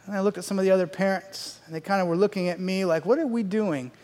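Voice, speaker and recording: A middle-aged man telling a comic story on stage, animated, with loud outbursts and hushed asides. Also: high voice, racing. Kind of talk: stand-up storytelling. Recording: long reverb of a large hall.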